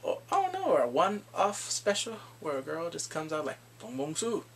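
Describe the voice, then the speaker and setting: A man casually recapping a TV drama, animated and laughing often as he acts out lines. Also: fairly high pitch, moderate pace, creaky, slight background noise. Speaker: drama review vlogger.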